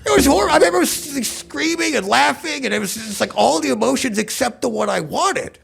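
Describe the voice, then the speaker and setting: Man playing a gravelly, high goblin. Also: fast talker, full character voice. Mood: aggrieved. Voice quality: gravelly, husky. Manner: rambling, excitable storyteller. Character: cheerful self-pitying adult male goblin. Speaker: podcast guest. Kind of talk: comedic character chat.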